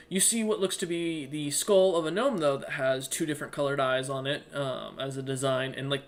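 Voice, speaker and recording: A man running a tabletop game as game master, narrating scenes in a relaxed, rambling way. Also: medium pitch.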